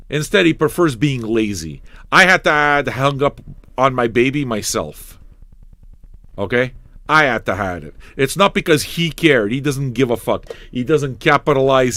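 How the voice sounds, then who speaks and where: In a dry recording, a man with a medium-pitched, sharp-toned voice hosts a live-streamed record show. The DJ rambles and swears at his chat, playing up mock rants in loose live-radio banter.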